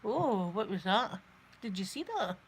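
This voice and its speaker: A Scottish woman hosting a soft-spoken ASMR makeup video, chatting to viewers and rambling through stories, sometimes dropping to a near-whisper. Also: medium pitch, sing-song, unhurried, a little hiss or hum, poor audio. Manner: chatty, rambling storyteller who talks to viewers. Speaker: ASMR channel host.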